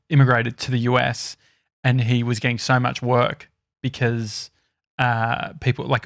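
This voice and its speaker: A man's voice: mid-range voice, fairly bright tone, dry recording, studio quality. An Australian man hosting a podcast, telling rambling stories in casual chat with plenty of hesitations. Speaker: podcast host.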